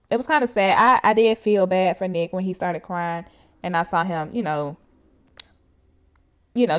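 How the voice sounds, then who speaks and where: A medium-pitched woman casually recaps a reality show episode, speaking directly to viewers as "y'all." She's chatty and animated, her talk full of fillers.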